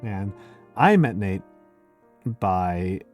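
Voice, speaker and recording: A man's voice: deep voice, expressive, drawn-out words, faint music behind. A man hosting a casual group chat on a stream, explaining things in a rambling, lecture-like way with jokey asides. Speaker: streamer and host.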